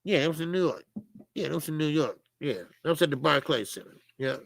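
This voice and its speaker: Gravelly, bright-voiced Southern man chatting. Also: on the high side, quick pace, dry recording. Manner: loose, laughing, swears freely, chatty with viewers. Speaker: boxing show host. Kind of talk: casual live-stream chat.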